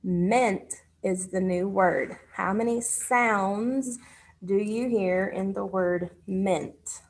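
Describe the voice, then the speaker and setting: Slow, patient phonics teacher woman. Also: mid-range voice. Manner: slow, patient, pausing for answers. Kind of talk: phonics lesson for children.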